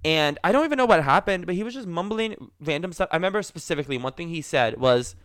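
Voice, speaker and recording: A young man chats casually on a podcast, his voice sitting a bit high and sounding smooth and clear. He tells a story in a rambling, animated way, full of likes and laughs. The sound is dry and close. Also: quick pace, few pauses, no echo. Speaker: podcast co-host.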